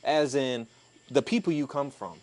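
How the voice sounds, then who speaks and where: A man's voice: medium pitch, expressive, moderate pace, darkish tone. A man co-hosting a podcast, explaining his ideas in a thoughtful and emphatic way. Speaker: podcast co-host. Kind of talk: casual conversational discussion.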